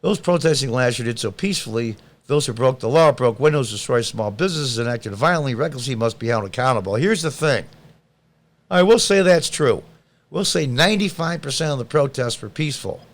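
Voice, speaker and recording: A man's voice: mid-range voice, lively intonation, a little fast. A man hosting a podcast, reading news items aloud and answering them with blunt, sarcastic, combative political commentary. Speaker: podcast host.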